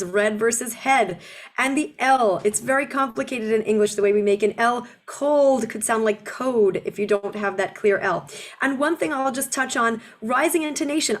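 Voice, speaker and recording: A woman in her forties, an accent reduction coach, giving a webinar presentation and slowing down to model pronunciation. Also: fairly high pitch. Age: 40s. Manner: explanatory, slows down to model pronunciation.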